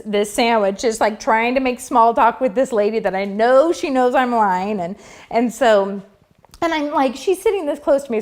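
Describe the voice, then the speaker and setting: Woman, personal testimony, casual storytelling, chatty, fillers, slightly high voice. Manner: chatty, filler-heavy, acts out her own past thoughts. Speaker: Christian testimony speaker.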